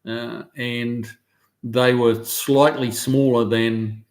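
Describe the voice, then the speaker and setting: A middle-aged man with a Kiwi accent hosts an easygoing stream from his car shop, working through viewer comments with a lot of ums and uhs. He speaks at a medium pitch and very slowly.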